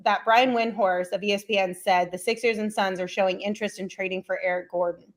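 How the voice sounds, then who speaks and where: Bubbly laughing woman podcast host. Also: mid-range voice. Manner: bubbly, laughs often, reads sponsor spots. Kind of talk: casual sports podcast chat.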